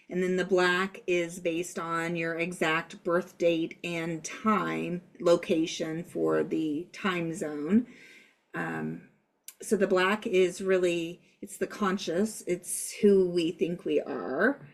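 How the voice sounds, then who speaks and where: A woman co-hosting a podcast, explaining calmly in casual talk with occasional fillers. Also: fairly low pitch. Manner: calm, explanatory, hesitant fillers. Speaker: podcast co-host.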